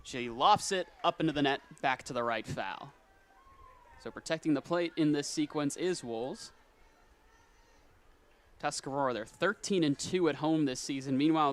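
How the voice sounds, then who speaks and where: A young man calling play-by-play for a high school softball game, quick on routine calls and rising on big plays. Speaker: play-by-play announcer. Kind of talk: sports commentary.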